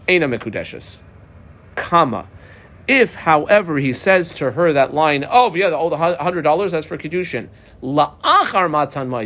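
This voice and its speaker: Animated man teaching Talmud. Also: a little high. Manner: animated, folksy, mixes in Hebrew and Aramaic terms. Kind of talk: casual lecture reading through a text.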